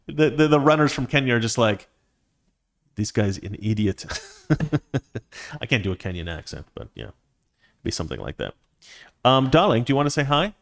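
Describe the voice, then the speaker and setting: A man's voice: medium pitch, very animated, normal speed, vocal fry, pauses often, fairly bright tone. A man hosting a live stream, reading viewer comments and giving opinions in a rambling, casual way with many restarts. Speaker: host.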